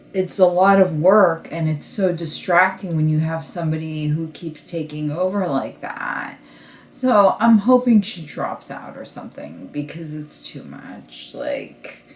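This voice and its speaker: A woman comedian with a low voice speaks in a slow, loose podcast monologue. She rambles and restarts, leaning on "like" as filler. The recording carries a noticeable roomy echo. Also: vocal fry.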